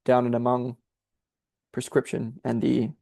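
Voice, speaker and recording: A man's voice: medium pitch, completely flat delivery, measured pace, creaky, warm tone, no echo. A man thinking aloud as he explains a difficult text, in a searching, explanatory manner. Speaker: podcast host explaining a text. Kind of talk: exegetical commentary.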